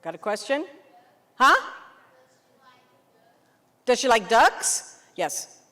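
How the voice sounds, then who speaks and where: A woman teacher talks a roomful of people through a language game, quick and animated, often checking whether they follow. Her voice sits a little high. The hall gives it a long reverb tail. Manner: lively, animated teacher, quick questions to the room. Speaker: English teacher. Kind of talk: teacher workshop demonstration.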